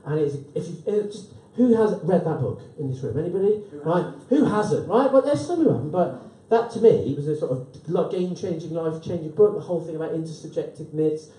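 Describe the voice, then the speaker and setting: A man's voice: a little high, dark tone, recorded from a distance. A man in his fifties hosting and speaking at a live event, chatty and joking, tagging "right?" onto his lines. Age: 50s. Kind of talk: humorous live talk to an audience. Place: event room with an audience. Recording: roomy, voice from off the mic.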